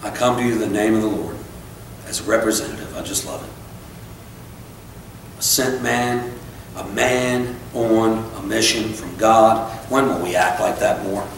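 A pastor with a low, gravelly voice preaches at a measured pace in a church sanctuary. The distant mic picks up a little hiss or hum along with the room's echo. He's emphatic and repetitive, often veering into casual comments and anecdotes from his own life.

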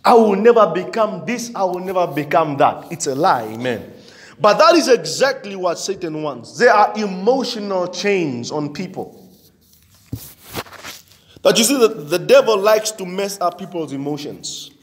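High-voiced man preaching in a ringing hall. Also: sing-song, normal speed. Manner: emphatic preaching with frequent "amen" interjections and repetition. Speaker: pastor. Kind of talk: sermon. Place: church. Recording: long church hall reverb.

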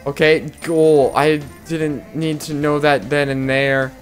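A man giving excitable live gameplay commentary, yelping and laughing at the action as game music plays. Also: fairly high pitch, slow pace.

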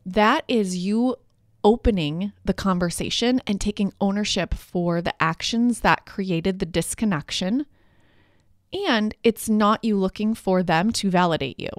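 A woman's voice: medium pitch, unhurried, dry recording, clean studio sound. A woman hosting a parenting podcast, explaining in an earnest, encouraging way. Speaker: podcast host, parenting coach. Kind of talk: solo podcast teaching.

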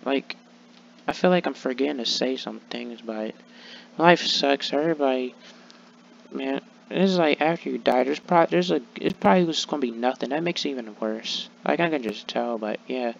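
A man's voice: medium pitch, moderate pace, vocal fry, dull audio. A young man rambling sulkily in a vlog, full of restarts and fillers. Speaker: vlogger. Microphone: laptop mic.

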